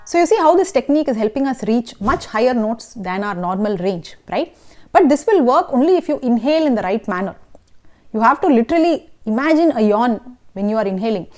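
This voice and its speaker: This singing lesson comes from a woman with an Indian English accent whose darkish voice is a little high, expressive, and a little fast. As a vocal teacher, she explains technique and keeps checking in with listeners.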